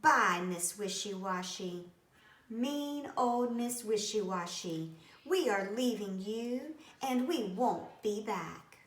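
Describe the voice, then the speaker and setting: A woman voicing a chorus of fed-up farm animals, loud and defiant, in a storybook read-aloud. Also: medium pitch, expressive, slow pace. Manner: loud, sing-song and defiant. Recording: roomy with faint ambience.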